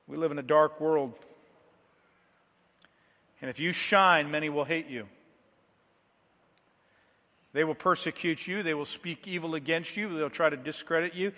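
High-voiced, bright-toned male preacher. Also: measured pace, pauses often, long reverb tail. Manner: swings from quiet, low passages to loud emphatic declarations. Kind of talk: sermon.

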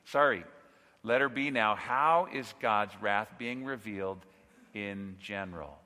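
A man preaching an expository sermon as pastor, earnest and emphatic, dropping low on key phrases. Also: pushed and bright. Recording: reverberant hall.

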